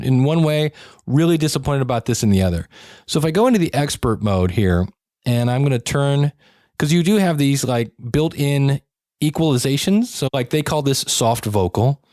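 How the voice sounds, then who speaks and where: A man's voice: mid-range voice, expressive, normal speed, darkish tone, no room sound, studio quality. A man hosting a podcast, demonstrating gear in a chatty, wry and upbeat way. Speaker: podcast host. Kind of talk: casual gear demo.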